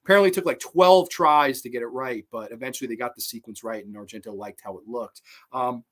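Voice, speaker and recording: A man's voice: medium pitch, quick pace. A man hosting a podcast, giving a casual, rambling film review full of fillers and swearing. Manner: rambling, profane, animated, lots of fillers. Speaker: podcast host.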